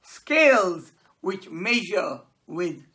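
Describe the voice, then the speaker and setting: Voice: mid-range voice, very animated, drawn-out words, bright, forceful tone, heavily acted. A teacher voicing a friendly male vegetable vendor who proudly shows off something new.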